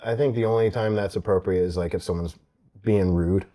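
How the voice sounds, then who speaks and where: A comedian from South Jersey in casual chat over food at a restaurant, relaxed and quick to laugh, sometimes speeding up in short bursts. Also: male voice, low voice. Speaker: comedian guest.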